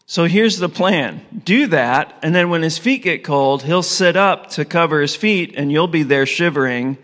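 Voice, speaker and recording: Casual pastor with a high voice in a reverberant hall. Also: male voice, animated, moderate pace, fairly bright tone. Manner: casual, storytelling, asks the audience questions. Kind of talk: conversational sermon. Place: church hall with an audience.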